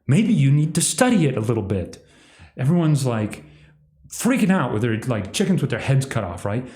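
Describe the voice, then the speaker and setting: A man rambles alone on a livestream, sardonic and mocking, now and then breaking into exaggerated impressions. His mid-range voice is very animated and darkish in tone at a moderate pace, and the room sounds echoey.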